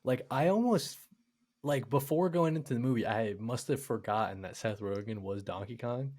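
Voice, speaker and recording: A man's voice: mid-range voice, moderate pace. Casual young guy saying "dude" a lot. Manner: excited, casual, swears, says "dude" a lot. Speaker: podcast co-host. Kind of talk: casual chat.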